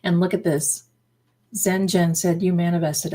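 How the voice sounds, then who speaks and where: A middle-aged woman hosts a casual livestream at an unhurried pace. She talks emphatically and repeats her lines for effect, calling her viewers darlings. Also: on the low side, steady tone, dark tone. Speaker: livestream host.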